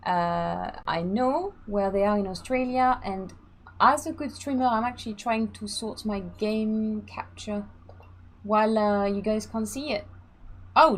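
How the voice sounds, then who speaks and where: A woman hosting a casual live stream, chatting freely, laughing and reading out the chat. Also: medium pitch. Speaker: streamer and sim racing host.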